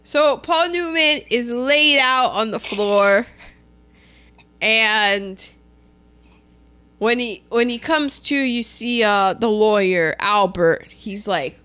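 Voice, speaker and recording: A woman's voice: fairly high pitch, slow pace, clear, resonant tone. A young woman co-hosting a podcast, chatting casually as she recaps a film, laughing often and acting out the characters' lines. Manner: animated, laughs often, acts out quotes. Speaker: podcast co-host.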